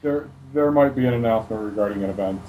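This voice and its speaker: A man's voice: on the low side, fast talker, dark tone, a little hiss or hum, poor audio. A man joining a podcast chat with short, dry interjections. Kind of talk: casual chat.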